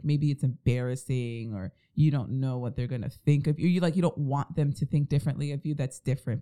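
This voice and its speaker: A man's voice: fairly high pitch, warm tone. A man in casual podcast chat, talking earnestly and giving advice to listeners. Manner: earnest, advising.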